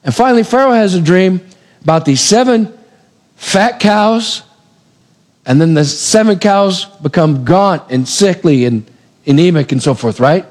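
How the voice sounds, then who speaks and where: A man preaching a sermon, retelling a scripture story in a lively way and acting out the characters' lines. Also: high voice, unhurried. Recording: long reverb of a large hall.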